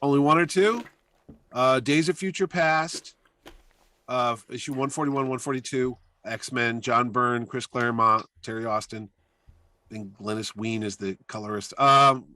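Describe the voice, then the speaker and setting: A man telling anecdotes as a guest in a casual interview, talking through long stories with animated energy. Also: mid-range voice, measured pace. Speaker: comic convention organizer, podcast guest; weekly radio show host.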